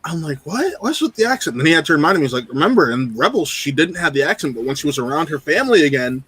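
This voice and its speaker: A man co-hosting a casual podcast, telling stories in an excitable way. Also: a little high, racing, slightly rough. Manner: excitable storyteller.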